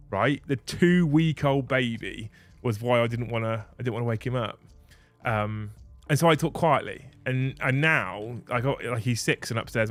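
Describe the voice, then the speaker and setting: A man in his thirties hosting a casual livestream from his home office, earnest and rambling, often restarting his sentences. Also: mid-range voice. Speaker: channel host.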